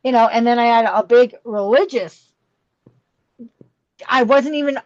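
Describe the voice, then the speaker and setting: Podcast guest, middle-aged woman, emotional rambling delivery, higher pitch, dull close recording. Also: unhurried, dry recording. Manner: rambling, emotional, full of fillers. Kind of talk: candid interview storytelling.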